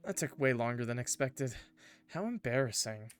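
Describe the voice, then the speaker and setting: A man's voice: medium pitch, lively intonation, normal speed, clean tone. A man reading a visual novel aloud with playful, joking asides to his chat. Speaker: gaming YouTuber. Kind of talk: casual let's-play commentary and reading aloud.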